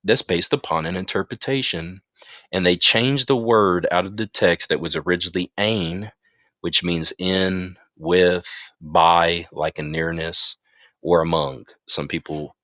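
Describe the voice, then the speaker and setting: A man's voice: deep voice, unhurried, bright, forceful tone, dry recording, studio quality. A man leading a Bible study, reading passages aloud and breaking off into emphatic asides to his listeners. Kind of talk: teaching with read-aloud passages. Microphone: phone in an audio chat room.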